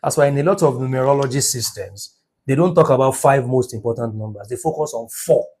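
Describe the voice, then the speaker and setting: A man teaching numerology in an emphatic, preacher-like motivational lecture, his voice rising to near shouts. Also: mid-range voice, fairly quick, husky.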